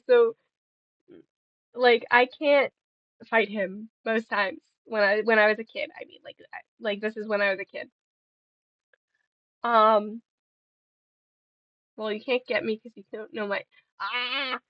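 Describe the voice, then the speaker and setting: A woman's voice: mid-range voice, no room sound, highs cut off. A young woman streaming and chatting casually with viewers, playful and giggly, rambling between stories.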